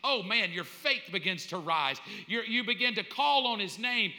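A man preaching a sermon in an animated way, acting out little scenes and laughing as he goes. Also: high voice, normal speed. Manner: animated, acts out voices, laughs. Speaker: pastor. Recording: long hall reverb.

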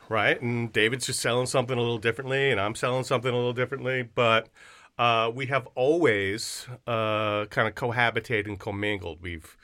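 Hyped-up, slangy male podcast co-host. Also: medium pitch. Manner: animated, hype-filled banter with slang. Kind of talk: casual podcast chat.

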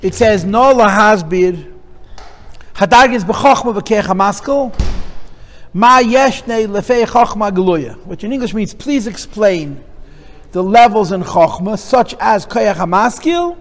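A man's voice: high-pitched, animated, measured pace, in a large hall. A male teacher giving a lesson on Chassidic texts. He explains step by step, repeats phrases and mixes in Hebrew and Yiddish terms.

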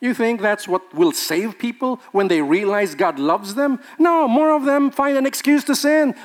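A man's voice: extremely high pitch, normal speed, few pauses. A male pastor, preaching a sermon with emphatic rhetorical questions and laughing with the congregation.

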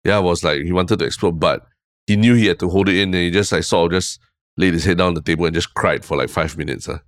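A man with a Singaporean English accent, co-hosting a podcast in casual chat, telling stories in a relaxed, rambling way with frequent "lah". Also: low-pitched, quick pace, no echo, clean studio sound. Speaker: podcast co-host.

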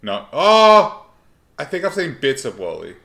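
A man co-hosting a podcast in casual chat. He mostly gives short reactions and dry teasing comments, and his pitch moves around a lot. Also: huge pitch swings, unhurried, gravelly, bright, forceful tone. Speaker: podcast co-host.

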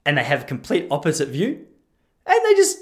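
A man's voice: on the high side, wildly swooping pitch, brisk. A man in his thirties, talking casually and rambling as a podcast host, joking at his own expense and laughing at his own lines. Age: 30s. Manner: chatty, self-mocking, laughs at own jokes.

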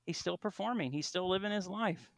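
A man hosting a podcast in casual chat, joking and quick with asides. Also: high-pitched, gravelly, a little hiss or hum. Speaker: podcast host.

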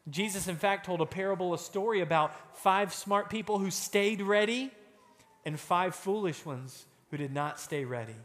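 A man giving a children's sermon, telling a story and acting out quotes with animated delivery. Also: high-pitched, moderate pace. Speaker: children's pastor. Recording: long hall reverb.

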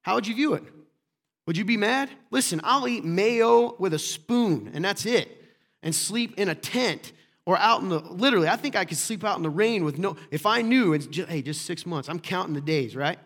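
High-voiced male pastor preaching. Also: animated, moderate pace, fairly bright tone. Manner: conversational, rhetorical questions, joking asides to the congregation. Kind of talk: sermon. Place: church room with congregation.

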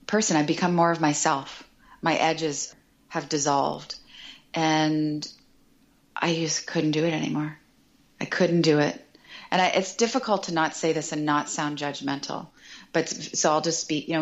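A middle-aged woman talking as a podcast guest, chatty and animated, often acting out quoted remarks. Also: low-pitched, dull audio. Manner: animated and chatty, quotes herself and others in lively voices. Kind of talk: casual podcast conversation.

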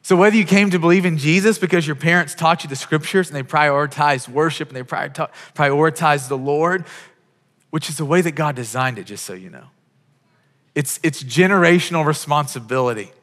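A man's voice: on the high side, fairly quick, fairly bright tone, in a large hall. A man preaching a sermon as a pastor, telling stories with quoted dialogue and frequent restarts.

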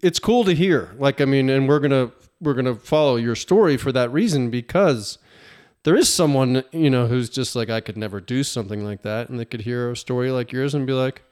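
A man hosting a podcast, interviewing a guest in a relaxed, encouraging way with lots of short affirmations. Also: mid-range voice, moderate pace. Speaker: podcast host. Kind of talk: casual interview conversation.

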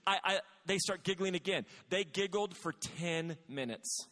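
A man in his forties preaching a sermon, telling stories with energy and rising to shouts at his high points. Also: moderate pace, few pauses. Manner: animated storytelling, rising to shouts. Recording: hall with long reverb.

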